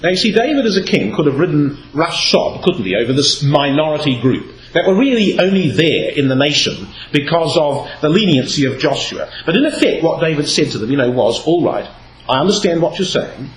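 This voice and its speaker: Speaking a little fast and rarely pausing, this Bible speaker has a slightly high voice. Expressive throughout, he reads passages aloud with varied emphasis while explaining them, and the hall echoes, with a little noise.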